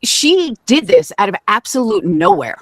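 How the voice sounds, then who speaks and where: A woman speaking up on a live stream, indignant and cursing as she argues. Her voice moves a lot in pitch. The sound is dry and close. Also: big pitch swings, moderate pace, no echo. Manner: indignant, profane. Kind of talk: heated live-stream chat.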